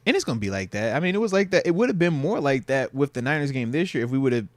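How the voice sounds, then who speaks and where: A man co-hosting a casual sports podcast, animated and slangy, repeating his phrases for emphasis. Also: mid-range voice, very fast, no echo. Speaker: podcast co-host, former player.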